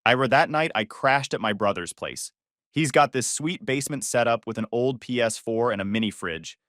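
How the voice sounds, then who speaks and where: A man's voice: mid-range voice, animated, moderate pace, a bit bright, dry recording, clean studio sound. A man narrating a first-person story in a casual, conversational way, with sarcastic asides.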